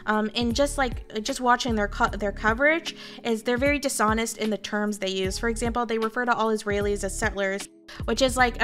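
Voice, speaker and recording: A woman's voice: mid-range voice, a bit bright. A Canadian woman streamer talking casually to her viewers, candid and rambling, swearing freely. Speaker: VTuber streamer.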